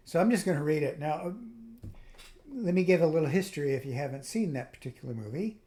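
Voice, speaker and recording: A man's voice: fairly high pitch, dark tone. A man hosting his own video, talking through a reflective spiritual monologue in a rambling way, with frequent restarts and trailing asides. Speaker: video host.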